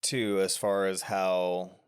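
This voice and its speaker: A man's voice: low voice, little pitch movement, takes it slowly, clear, resonant tone. A man co-hosting a podcast, walking through a film scene by scene in a loose, rambling way with restarts. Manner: explains at length with many restarts and fillers. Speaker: podcast co-host. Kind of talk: casual film discussion.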